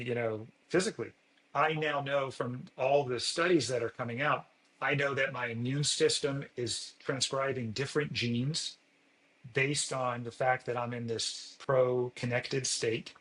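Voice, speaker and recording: A man's voice: medium pitch, fairly even intonation, moderate pace, a bit bright, poor audio. A man, a physician guest on a podcast, explaining earnestly and acting out sample dialogues in a lifted voice.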